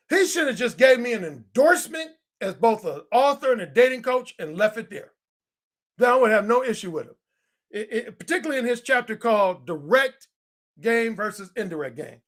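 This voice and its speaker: High-pitched, swearing man in his fifties. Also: very animated, moderate pace. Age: 50s. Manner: profane, emphatic, ranting. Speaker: dating coach. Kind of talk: heated monologue.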